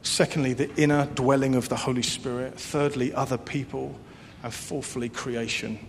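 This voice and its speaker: A man preaching a sermon in an earnest way, repeating phrases and swinging between loud emphasis and hushed, soft passages. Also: fairly even intonation, moderate pace, gravelly. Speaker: pastor. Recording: long hall reverb with faint low rumble.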